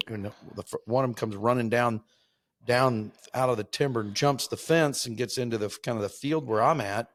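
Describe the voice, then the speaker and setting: A man, hosting a hunting show, telling a hunting story in a rambling, halting way, with many restarts. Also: medium pitch, dry recording, studio quality. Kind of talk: casual storytelling.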